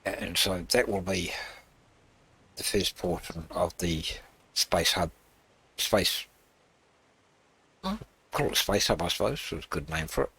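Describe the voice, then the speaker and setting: A man with a very deep voice hosts a gaming channel, talking his way through a build. His tone is husky yet bright, and he rambles with halting pauses and filler words. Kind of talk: casual gameplay walkthrough.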